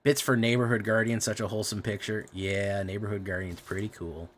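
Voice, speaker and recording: A man streams a card game, reasoning aloud about his plays and cursing his bad draws in profane, exasperated commentary. His voice is fairly low and level, a little fast, with slight hiss or hum on the audio.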